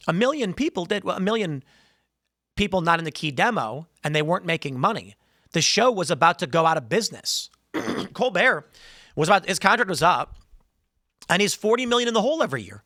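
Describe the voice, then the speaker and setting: A man hosting a political commentary show, talking in a sarcastic, rambling way with animated asides on a close mic. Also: a little high, moderate pace, pauses often, no room sound. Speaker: host.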